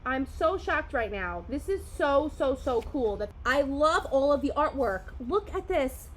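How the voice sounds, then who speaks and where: A middle-aged woman talks through an unboxing at home in a high voice, gushing and excitable, with quick bursts of delight. A faint hiss sits under her voice throughout. She sounds like a parent sharing a hobby with her kids. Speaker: host. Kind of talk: casual unboxing chat.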